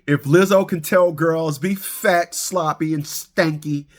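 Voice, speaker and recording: A man ranting comically to his viewers, animated, stammering and laughing at his own jokes. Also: a little high, slow pace. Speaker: vlogger. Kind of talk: comic rant to camera.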